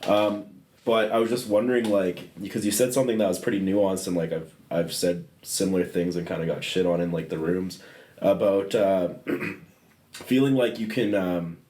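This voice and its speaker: A man with a low voice asks questions hesitantly on a casual podcast, filling pauses with "like" and "um". The sound is roomy and echoey. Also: steady tone, a little mellow. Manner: hesitant, many fillers. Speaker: podcast host. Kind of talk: casual conversation.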